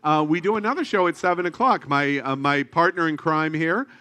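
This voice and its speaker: A man's voice: fairly high pitch, fairly quick, clean tone, dry recording. A man hosting a live talk show, joking with his co-hosts and speaking straight to the viewers. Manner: animated, joking, speaks to the audience directly. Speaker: host. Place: TV studio.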